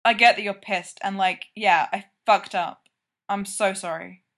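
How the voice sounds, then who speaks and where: A woman's voice: mid-range voice, steady tone, unhurried, a bit bright. A woman voicing an anxious, sweary young man in a read-aloud story, blurting out his words in a flustered way. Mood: apologetic.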